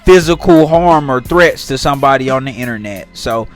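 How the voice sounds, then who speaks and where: A man's voice: medium pitch, expressive, moderate pace. Aave guy doing a commentary vlog, talks right at the viewers, reads posts out and clowns them, light music under it. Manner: talks straight to viewers, reads tweets aloud and mocks them. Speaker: commentary channel host.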